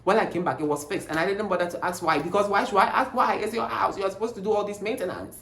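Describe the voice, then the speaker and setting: A young man tells a storytime vlog. He is emphatic and animated, and he keeps firing rhetorical questions. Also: high-pitched, fast. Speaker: vlogger. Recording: roomy echo, faint background noise.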